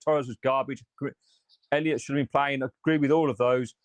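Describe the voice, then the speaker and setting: A man's voice: mid-range voice, steady tone, fairly quick, dry recording. A man hosting a fan channel, reacting live after a match in a frustrated, sweary rant and reading out viewer comments.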